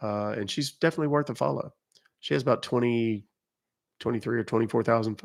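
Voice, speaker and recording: A man's voice: medium pitch, fast, gravelly. A middle-aged man chatting casually on a live stream, rambling and joking as he reacts to viewer comments. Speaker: live streamer reading chat.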